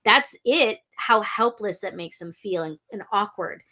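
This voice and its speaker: A woman's voice: mid-range voice, a little slow, pushed and bright. A woman guest on a podcast, talking frankly with lots of restarts and blunt swearing. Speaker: podcast guest, audiobook narrator. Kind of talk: candid interview talk.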